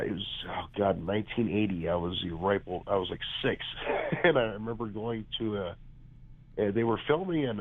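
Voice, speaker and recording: A man in his forties from California, congested and a bit hoarse, chatting as a guest with lots of restarts over the phone. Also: sits low. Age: 40s. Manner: chatty, rambling with many restarts. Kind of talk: phone interview. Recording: tinny phone line.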